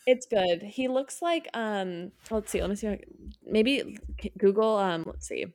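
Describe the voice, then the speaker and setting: Chatting with eager, easygoing energy, the young woman hosting this podcast keeps revising her sentences partway through. Her medium-pitched voice is animated and a little mellow, at a moderate pace.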